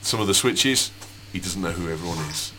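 A man hosts a loose tech chat, his low voice joking and halting over fillers. A faint hum sits under the recording. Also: pushed and bright. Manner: joking, hesitant with many fillers. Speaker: podcast host.

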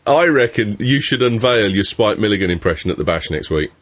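A man's voice: lowish voice, animated, brisk, a bit bright, dry recording. A British man hosting a podcast panel in casual, jokey chat, swearing now and then. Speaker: podcast host.

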